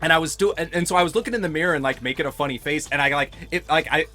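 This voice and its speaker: A man co-hosting a gaming podcast, talking in a rambling, animated way and laughing often. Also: on the high side, rapid-fire, soft background music. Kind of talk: casual chat while playing a game.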